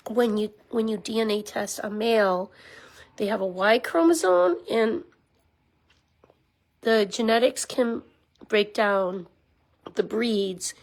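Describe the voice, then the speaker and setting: Woman dog rescuer, fairly high-pitched, chatty and rambling, coos at animals in a room at home. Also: low-quality recording. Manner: chatty and rambling with many ums, softening into baby talk for the dog. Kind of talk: casual talking-head explainer to camera. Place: small room at home with a puppy pen, indoors.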